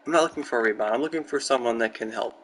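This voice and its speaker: Young man, casual gaming chat, rambling and excitable, mid-pitched voice, close mic, faint background hiss. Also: racing, rough recording. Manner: rambling, candid, excitable storytelling. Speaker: gaming streamer. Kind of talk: casual chat while building in a game. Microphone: close desk mic.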